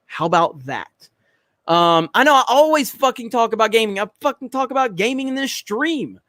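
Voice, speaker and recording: Blunt, high-voiced man reading chat. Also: animated, moderate pace, pushed and bright, no room sound. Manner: blunt, profane, joking. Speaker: livestream host.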